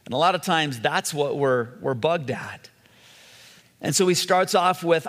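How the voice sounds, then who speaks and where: A middle-aged male pastor preaches in a relaxed, chatty way, and his voice sits a little higher than most men's. He acts out the people in his story with lively voices. The sound rings with a long reverb, as in a large hall. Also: fairly quick. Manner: conversational, animated storytelling with voiced asides. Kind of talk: sermon.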